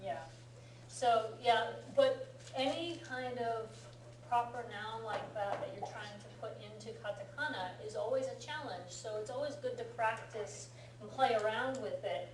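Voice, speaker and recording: A woman's voice: on the high side, a little slow. An American woman teaching a casual language lesson, explaining patiently and encouraging her student, with plenty of fillers. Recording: roomy room from far off, faint hum.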